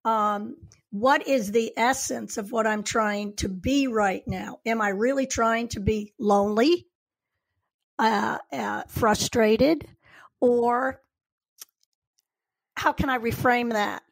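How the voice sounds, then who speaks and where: Gravelly higher-voiced woman, reflective coach. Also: takes it slowly. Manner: reflective, poses questions to herself. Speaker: executive coach. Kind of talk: casual conversation.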